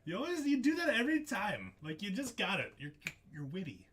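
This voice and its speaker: A man hosting a live card break, excitable and jokey, laughing often as he calls out hits. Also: high-pitched, fairly quick, background noise. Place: studio.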